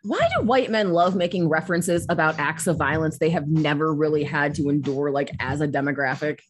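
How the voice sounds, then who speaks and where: Woman, sardonic, casual podcast chat, low-leaning pitch, faint noise. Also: a little fast. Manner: sardonic, wry commentary. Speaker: podcast co-host.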